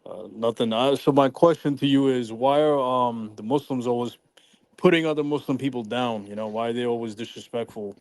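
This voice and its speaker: Fast-talking rambling male caller. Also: mid-range voice, fairly even intonation, darkish tone, dry recording. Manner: rambling, hesitant, repeats himself. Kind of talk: call-in debate.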